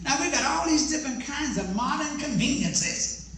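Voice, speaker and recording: A man giving a lively presentation to an audience, joking and questioning the listeners as he talks. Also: very high-pitched, moderate pace. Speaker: speaker on deaf ministry. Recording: echoey hall, voice from far off.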